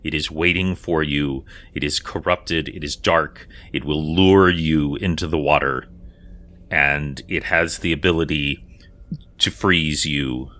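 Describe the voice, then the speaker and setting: A man voicing a young woman just thawed from ice, her hair turned gray, who speaks in halting, broken restarts. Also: extremely low pitch, steady tone, bright, forceful tone, heavily acted. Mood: urgent warning. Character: young woman freed from ice, now gray-haired, shaken and urgent.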